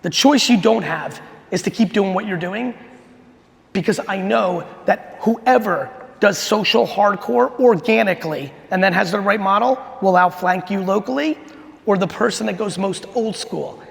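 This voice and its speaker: A middle-aged man giving a keynote talk, telling a story in a fast, punchy, profane way. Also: high voice, vocal fry. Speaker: keynote speaker. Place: large conference hall. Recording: long hall reverb from a stage.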